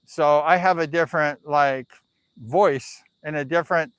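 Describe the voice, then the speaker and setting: A man with a slightly raised pitch tells a story casually on a live stream. He rambles, filling his sentences with "like" and "you know". His voice sounds dry and close, with no room echo. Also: measured pace, fairly bright tone, smooth.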